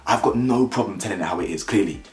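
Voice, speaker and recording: A man's voice: quick pace, roomy sound. A man ranting about a reality show, blunt and mocking, mimicking the people he talks about. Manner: blunt, mocking, mimics cast members in high voices. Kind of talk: animated opinion rant.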